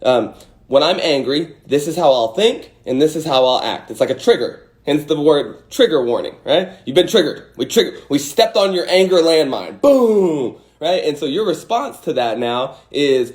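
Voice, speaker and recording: Animated man giving a motivational talk. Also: fairly high pitch, normal speed. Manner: animated, acts out angry and scared voices, swears. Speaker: host. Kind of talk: casual motivational talk on a livestream.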